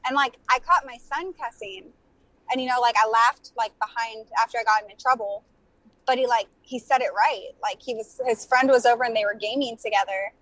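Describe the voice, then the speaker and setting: A woman's voice: a little high, brisk, fairly bright tone, no room sound, low-quality recording. Casual woman guest, dry close sound. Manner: casual, laughing, peppered with "like". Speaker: podcast guest. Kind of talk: casual chat.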